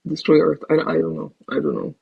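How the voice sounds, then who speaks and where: Husky, gravelly woman chatting casually. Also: sits low, monotone, a little fast, no room sound, highs cut off. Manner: brings up topics, reads out comments. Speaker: podcast co-host. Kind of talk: casual chat. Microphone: remote call.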